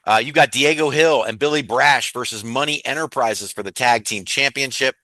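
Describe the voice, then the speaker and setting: A Southern US man hosting a casual wrestling news podcast, upbeat and chatty, often breaking into laughter. His voice is bright and forward. The sound is close and dry. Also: medium pitch, moderate pace, no room sound. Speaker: podcast host.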